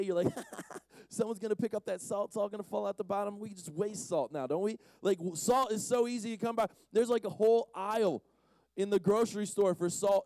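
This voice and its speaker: A man delivers a conference sermon in a relaxed, playful style, poking fun at his audience between points. His voice sits a little high yet sounds mellow. The sound is close and dry. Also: clean tone, no room sound. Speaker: youth conference speaker. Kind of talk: casual joking sermon.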